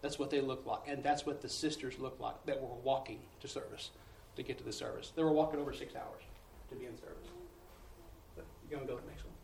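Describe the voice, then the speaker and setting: A man's voice: medium pitch, fairly even intonation, fast, vocal fry, darkish tone, a little hiss or hum. A man, a missionary preacher telling testimonies in a folksy sermon style, acting out the dialogue. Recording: echoey room, distant mic, faint ambience.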